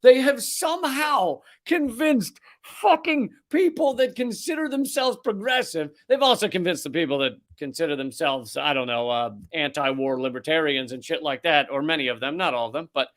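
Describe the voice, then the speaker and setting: Host, man, high voice, angry sarcastic swearing rant. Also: moderate pace. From United States. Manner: profane, sarcastic, heated. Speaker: comedy news show host. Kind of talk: ranting satirical commentary.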